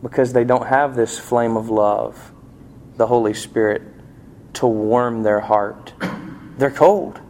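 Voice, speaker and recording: A man's voice: mid-range voice, steady tone, slow pace, darkish tone, a little hiss or hum. A man preaching a sermon in a folksy, conversational storytelling manner. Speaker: pastor.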